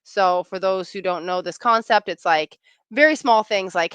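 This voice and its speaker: A woman in her thirties, a relationship coach, answering interview questions in a chatty, animated way and acting out quoted lines. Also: medium pitch, moderate pace, clear, resonant tone, no echo, highs cut off.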